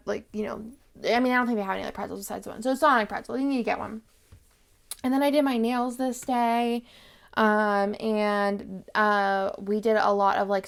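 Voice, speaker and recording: A woman's voice: medium pitch, vocal fry, smooth. A young woman, chatting casually in a rambling way full of fillers as a planner vlogger. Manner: rambling, filler-heavy, lots of "like". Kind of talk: casual chat.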